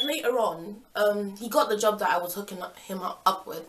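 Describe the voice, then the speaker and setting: Animated young woman vlogger. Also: mid-range voice, fast, few pauses, slight background noise. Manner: animated, chatty, swings into loud quoted outbursts. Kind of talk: casual storytime vlog.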